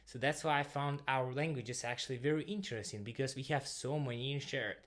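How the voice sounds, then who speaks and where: A man with a Russian accent walks through the alphabet at a board. His voice sits in an ordinary middle pitch. His English is halting, and he sounds each letter out more than once. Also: a bit bright. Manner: non-native English, halting phrasing, repeats sounds aloud. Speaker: language teacher. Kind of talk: explaining at a whiteboard.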